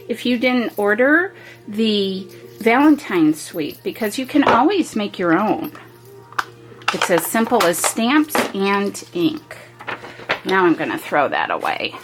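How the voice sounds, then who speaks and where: A woman's voice: medium pitch, rough recording. Chatty woman demoing a craft project. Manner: chatty, self-interrupting, homey asides. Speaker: crafting video host. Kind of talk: casual step-by-step craft demo. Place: home craft room.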